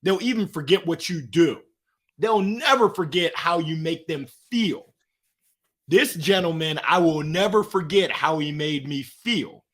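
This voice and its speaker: A middle-aged man with a fairly high voice tells stories with lots of energy. His pitch jumps around a great deal as he acts out the other people in his stories, in an animated, engaging way. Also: unhurried. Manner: lively, acts out voices in anecdotes. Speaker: guest. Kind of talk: animated storytelling.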